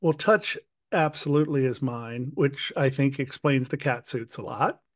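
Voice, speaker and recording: A man hosting an interview, speaking in a thoughtful, measured way. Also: mid-range voice, no room sound, clean studio sound. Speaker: interview host. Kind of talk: casual interview.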